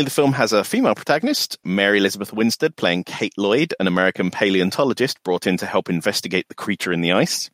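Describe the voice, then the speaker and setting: A man's voice: lowish voice, fairly bright tone, no room sound. A man co-hosting a podcast, chatting casually with dry, self-deprecating humor. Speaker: podcast co-host.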